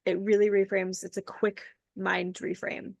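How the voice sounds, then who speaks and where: A woman's voice: mid-range voice, little pitch movement, measured pace, gravelly, a little mellow, dry recording. A woman hosting a podcast, talking reflectively in casual conversation with many fillers. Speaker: podcast host.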